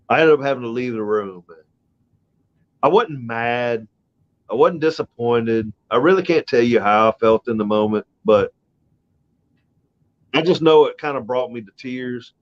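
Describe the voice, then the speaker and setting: A middle-aged man spins a long personal story as he hosts a laid-back podcast. His talk wanders and is peppered with cursing, and feeling runs close under it. The audio is muffled and low-fi. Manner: rambling, profane, emotional retelling. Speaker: podcast host. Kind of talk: casual storytelling chat. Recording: dull lo-fi audio.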